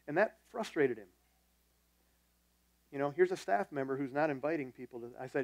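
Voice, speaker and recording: A man's voice: on the high side, moderate pace, pauses often, a little mellow, dry recording. Conversational male pastor with a dry sound. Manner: conversational storytelling, self-deprecating. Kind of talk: sermon.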